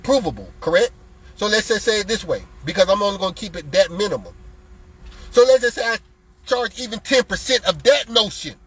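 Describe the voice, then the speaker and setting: Guy going off on a heated profane rant, high husky voice, mocks folks in little voices. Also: expressive, fairly quick, fairly bright tone, rough recording. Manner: heated, profane, mimics others mockingly. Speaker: lottery strategy seller. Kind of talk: heated live-stream rant.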